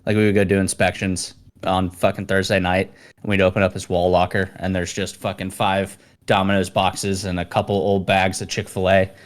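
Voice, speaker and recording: A man's voice: deep voice, flat delivery, moderate pace. A man co-hosting a casual podcast, telling profane military training stories and acting out the people in them. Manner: profane, storytelling, acts out quoted instructors in a louder voice. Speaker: podcast co-host. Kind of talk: casual chat.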